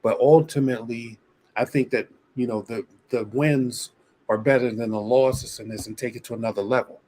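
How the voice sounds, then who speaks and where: With a husky, darkish mid-range voice, a man argues his case on a video panel reviewing a dating show. It's a casual debate, and he explains at length, restarting often.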